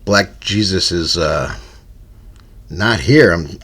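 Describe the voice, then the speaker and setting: A man's voice: deep voice, expressive, slow pace, long pauses, a bit bright, slightly rough. A man hosting a comedy podcast, hesitant and stammering, cracking jokes as he talks. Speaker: podcast host.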